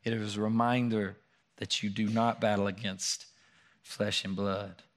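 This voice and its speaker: In a church room, a pastor with a fairly low voice preaches an earnest sermon at a measured pace and a mostly flat delivery. When he reads scripture his voice lifts and grows louder, and it drops quiet during personal stories.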